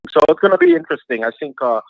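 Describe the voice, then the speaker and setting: A man calling in to a live show, talking in a relaxed, casual way with lots of fillers. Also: a little high, rapid-fire, vocal fry, no echo. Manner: relaxed, hedging, filler-heavy talk. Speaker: caller. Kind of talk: casual call-in chat. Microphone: phone call. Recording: dull phone-line call.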